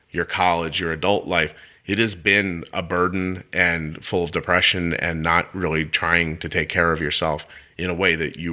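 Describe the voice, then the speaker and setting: A man's voice: sits low, bright, forceful tone. A middle-aged man hosting a podcast interview, emotional and self-deprecating, joking with his guest. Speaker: podcast host. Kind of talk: casual interview chat.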